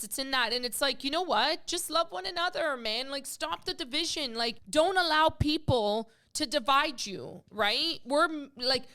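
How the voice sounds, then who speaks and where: Woman, podcast host, casual chat, emotional, rambling, high voice. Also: pushed and bright. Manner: emotional, rambling, many fillers.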